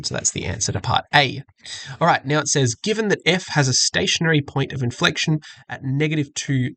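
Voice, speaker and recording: Gravelly-voiced man teaching maths. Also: medium pitch, fairly bright tone, no room sound. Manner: patient, methodical, self-correcting. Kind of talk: screen-recorded exam walkthrough.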